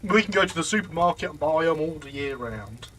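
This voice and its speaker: A man's voice: a little high, animated, fairly quick, sharp tone, a little hiss or hum. A man hosting a casual gaming stream, joking and reading out chat messages. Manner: jokey, reads out live chat. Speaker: streamer host.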